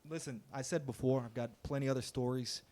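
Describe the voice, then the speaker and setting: A man's voice: medium pitch, fairly even intonation, a little fast, darkish tone. A man telling his caddie stories in a laid-back, wry and direct way during a casual interview. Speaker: golf caddie and guest.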